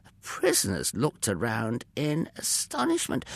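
A man narrating a children's Bible story in an expressive way, sometimes speaking to the listener directly. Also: mid-range voice, normal speed, no room sound. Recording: dry close mic with faint music.

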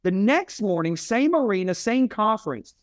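A middle-aged man with a fairly high voice recounts a story as an interview guest. He talks emphatically, like a preacher, and slips into the voices of the people he quotes. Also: sing-song, normal speed. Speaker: interview guest, Christian author and speaker. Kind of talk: animated storytelling.

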